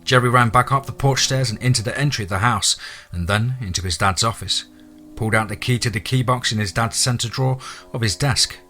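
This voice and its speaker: A man narrating a horror story in a dramatic, steady audiobook reading. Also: medium pitch, brisk, soft background music.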